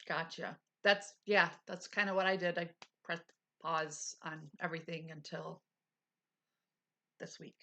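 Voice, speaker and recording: A middle-aged woman hosts a casual live chat with her viewers, speaking candidly and laughing a lot while she recovers, though her energy is low. Her lowish voice stays steady and a bit bright, at a measured pace.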